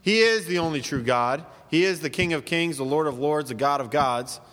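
A man preaches with a high, bright voice, pressing his point through one rhetorical question after another. His delivery is emphatic and driving. The sound carries the long reverb of a large hall. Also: normal speed. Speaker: pastor. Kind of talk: sermon.

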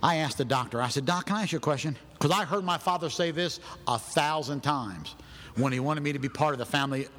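A man preaching a sermon in a church, animated and loud, acting out people's excuses in his own voice. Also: a little high, quick pace. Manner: animated, shouting, acts out other people's excuses. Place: church sanctuary. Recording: long hall reverb in a church.

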